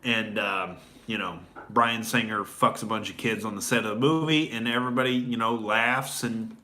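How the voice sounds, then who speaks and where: A man's voice: fairly low pitch, fairly even intonation, normal speed, bright, forceful tone, a little hiss or hum. A male comedian hosting a show, delivering a sarcastic, rambling political rant full of fillers. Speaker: comedian host.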